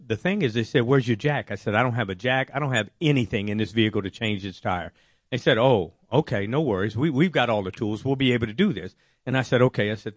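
A man telling a personal faith testimony, animated and acting out his own worried words. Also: mid-range voice, no room sound, studio quality. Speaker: testimony speaker.

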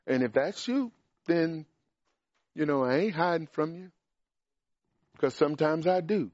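An emphatic male preacher, climbing higher and louder as he drives points home. His voice sits fairly high for a man. The recording is dull and dry, with no room sound. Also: animated, moderate pace, long pauses, no echo. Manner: emphatic, rises in pitch and volume on key points. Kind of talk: sermon with Q&A.

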